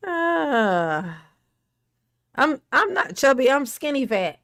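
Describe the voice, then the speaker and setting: A woman's voice: high voice, sing-song, slow pace, pauses often, fairly bright tone, no echo, clean studio sound. A woman hosting a casual livestream, chatting and laughing, greeting viewers by name. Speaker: livestream host.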